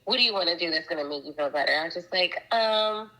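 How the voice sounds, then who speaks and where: A woman's voice: deep voice, racing, pushed and bright, low-quality recording. A woman guest telling a personal story in a casual interview, chatty and rambling, with many fillers and restarts.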